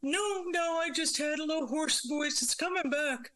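Performer doing a mystery psychic guest, high pitch, muffled distorted voice, sex unclear, evasive and coy. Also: normal speed, pushed and bright.

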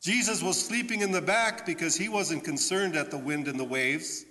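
A man preaching as a pastor in a church, telling a story in an animated way and putting questions to his listeners. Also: fairly high pitch, normal speed. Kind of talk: children's sermon storytelling. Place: church sanctuary. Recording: long church reverb.

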